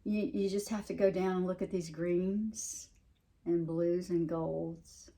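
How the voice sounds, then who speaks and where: A woman's voice: fairly low pitch, fairly even intonation, takes it slowly, warm tone. A woman with a Southern US accent chatting casually as she shows her stitching projects, rambling with frequent restarts and fillers. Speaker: cross-stitch vlogger. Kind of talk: casual show-and-tell chat.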